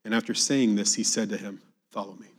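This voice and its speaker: A man preaching a sermon, reading scripture aloud with emphasis and dropping to a hushed, quiet voice to reflect on it. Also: on the low side, steady tone, brisk.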